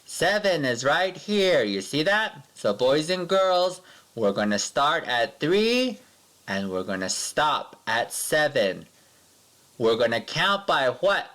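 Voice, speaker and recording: A man teaching a remote math lesson to small children, with a fairly high voice that leaps up and down in a lively sing-song. He talks slowly and patiently and stretches out the numbers as he counts along with his pupils.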